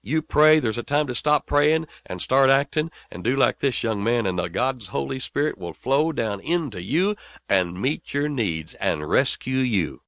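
A man's voice: medium pitch, animated, a little slow, no echo. Dramatic male preacher, dry close sound. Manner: dramatic, swinging between hushed and loud. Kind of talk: radio sermon storytelling.

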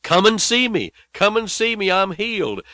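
A man voicing a poor young village man who has just been healed, calling out in high, excited bursts. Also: slow, no room sound, full character voice. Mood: jubilant shouting.

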